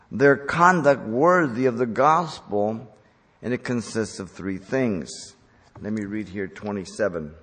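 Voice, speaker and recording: A male pastor delivers a verse-by-verse sermon, leaning hard on the words he wants to stress. His voice sits at an ordinary middle pitch for a man. It rings out with a long reverb, as if from a large church sanctuary. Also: fairly bright tone. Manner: emphatic, stressing key words. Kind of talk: expository sermon.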